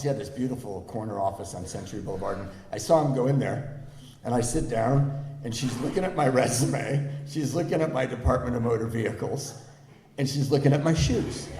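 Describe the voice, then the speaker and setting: Middle-aged man, recovery meeting speaker, animated storyteller, voices the people in his story, echoey room, faint background hum. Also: mid-range voice. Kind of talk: personal recovery story told to a live audience. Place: large meeting room with a live audience.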